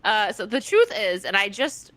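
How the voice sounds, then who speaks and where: Host, woman, bright crisp voice, dry close sound, chatty. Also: mid-range voice, sing-song, moderate pace, no echo. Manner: chatty, giggly, reads article aloud. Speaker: livestream host. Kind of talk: casual chat reading news aloud.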